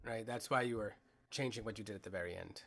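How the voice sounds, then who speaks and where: A man's voice: lowish voice, quick pace, vocal fry, a bit bright. A man co-hosting a rhythm workshop, explaining ideas and asking the teacher to demonstrate. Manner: explains and asks questions. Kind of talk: casual discussion.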